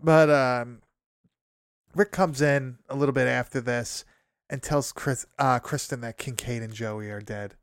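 A young man with a smooth, resonant voice chats through a horror movie recap. He swears freely, laughs at his own remarks and rambles along with lots of fillers. The recording is dry and close. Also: mid-range voice, steady tone, a little slow, no echo. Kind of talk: casual movie recap chat.

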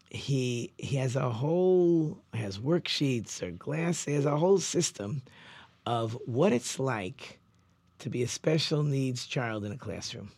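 A middle-aged man hosts his talk show in a loose, conversational way. He tells stories with plenty of ums and false starts, and his pitch sits in an ordinary middle range. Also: darkish tone, no echo. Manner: conversational, loose storytelling with many ums and restarts. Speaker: rabbi and show host. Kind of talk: casual radio talk.

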